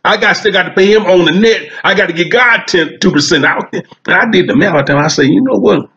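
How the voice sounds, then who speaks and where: Brisk and high-voiced, with vocal fry and a fairly bright tone, this man performs a drawn-out comic tale in folksy, drawling Southern fashion, voicing each character's lines. The stand-up monologue comes through a dull, muffled recording.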